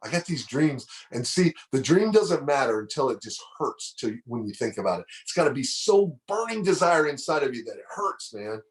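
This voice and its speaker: A man's voice: medium pitch, sing-song, normal speed, hardly any pauses. A middle-aged man giving a motivational speech, preaching and telling a story, repeating phrases for emphasis. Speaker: motivational speaker.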